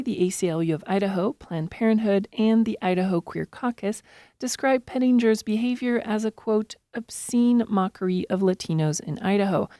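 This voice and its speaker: A woman filing a scripted public radio news report in a crisp, even reporting delivery. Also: medium pitch, dry recording, studio quality.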